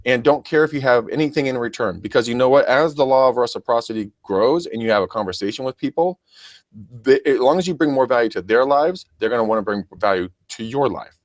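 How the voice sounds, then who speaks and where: A man's voice: mid-range voice, lively intonation, quick pace, no room sound. A man coaching real estate agents in a casual podcast, chatty and full of restarts. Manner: chatty, stammering, addresses listeners as guys.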